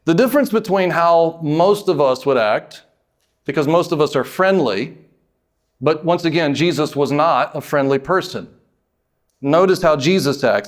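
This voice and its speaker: An animated American pastor preaches at a normal speed, emphatic throughout. He draws out certain words, rises sharply in pitch and volume, and adds folksy asides.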